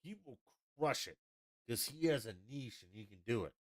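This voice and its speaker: Male streamer, mid-pitched voice, blunt and profane, dry close-mic sound. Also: lively intonation, moderate pace, no echo. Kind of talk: casual livestream chat.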